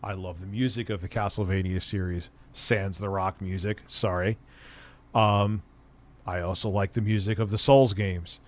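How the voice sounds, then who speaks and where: A man's voice: low voice, steady tone, moderate pace. A man hosting a casual livestream, chatting with viewers in a rambling, enthusiastic way and swearing freely. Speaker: streamer host.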